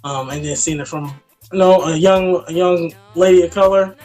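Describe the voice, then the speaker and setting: A man co-hosting a casual movie review chat, animated and jumping way up in pitch when he quotes his own reactions. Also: moderate pace, soft background music.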